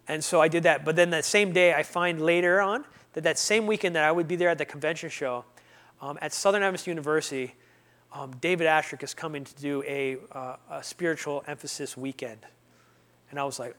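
A young man telling his personal story with lively energy, slipping into quoted dialogue and back. His voice sits a touch high for a man, and he carries the listener through the tale like a conversation. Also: normal speed. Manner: animated, acts out his own and others' lines in dialogue. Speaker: speaker sharing a testimony.

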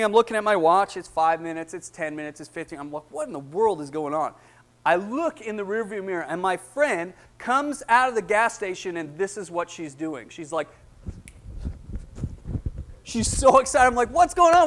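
A young man giving his testimony in a sermon, acting out the people in his story, excited at times and hushed at others. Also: high-pitched. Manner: animated storytelling, acting out dialogue, rising excitement then hushed.

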